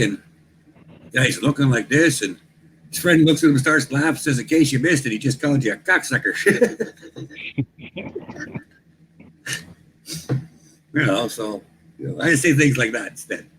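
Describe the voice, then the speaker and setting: A man's voice: medium pitch, a little slow, long pauses, noisy background. A man co-hosting a casual livestream chat, joking and telling wry stories. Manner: joking, tells wry anecdotes. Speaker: co-host.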